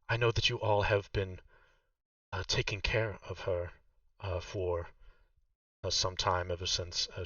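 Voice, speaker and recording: A man voicing a kind, gentle half-orc who talks hesitantly with many pauses. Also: on the low side, no echo, distant mic, highs cut off.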